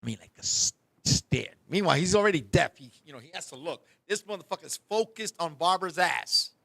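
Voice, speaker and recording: On the high side and a little fast, this man's gravelly voice carries a comic story during a casual talk-show chat. The podcast host swears freely, stays animated, and impersonates the characters in his tale.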